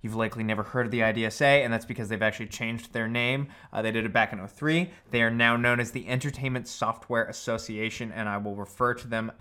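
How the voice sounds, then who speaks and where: A man co-hosting a podcast at a middle pitch. He reads a prepared history story in a measured way. Now and then he drops in casual asides. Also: fairly even intonation, sharp tone, smooth. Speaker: podcast co-host.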